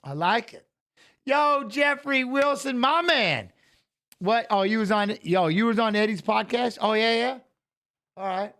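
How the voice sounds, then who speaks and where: A man's voice: sits high, animated, a little slow, bright, forceful tone. A man hosting a live watch-along stream, chatting casually and greeting viewers by name, often adding "you know what I'm saying". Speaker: livestream host.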